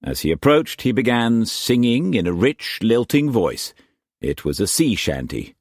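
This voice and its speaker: In this scripted narration of an audiobook, a man tells the story with a measured, expressive delivery. His pitch is medium, and the studio-quality recording has no echo.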